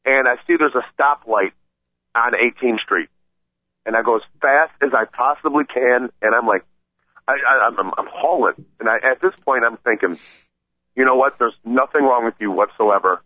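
Excited rambling man on a tinny line. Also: mid-range voice, moderate pace, no echo. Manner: excited, rambling, stammering retelling. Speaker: podcast regular telling a story. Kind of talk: casual storytelling. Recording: tinny phone-like sound.

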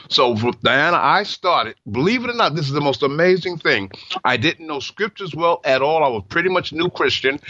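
A man's voice: on the high side, pushed and bright, dry recording. A man hosting a Christian call-in radio show, sharing a personal testimony earnestly with stammered restarts. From New York. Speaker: radio talk show host. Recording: muffled broadcast audio.

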